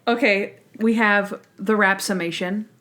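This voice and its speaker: Casual woman co-host, mid voice, retells scenes with lively laughs. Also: mid-range voice, unhurried. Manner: chatty, laughs often, retells scenes animatedly. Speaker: podcast co-host. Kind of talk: casual chat recapping a TV episode.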